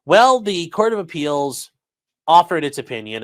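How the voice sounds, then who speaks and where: A man breaks down a court order for his livestream chat in a loose, sarcastic way. His voice sits a bit high and swings widely in pitch, and he keeps up a running stream of asides. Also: brisk. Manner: casual, sarcastic, lively asides. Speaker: legal commentary streamer.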